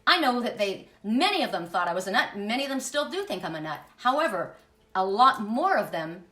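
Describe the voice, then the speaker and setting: A woman's voice: medium pitch, big pitch swings, fairly quick, sharp tone, roomy sound, far from the mic. A woman giving an impassioned spiritual monologue as host, emphatic and blunt, swearing freely.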